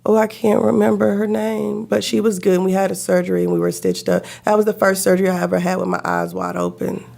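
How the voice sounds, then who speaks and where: A woman telling a personal story in a casual, animated way, acting out the quotes. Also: fast, creaky. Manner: animated, acts out quotes with big pitch jumps.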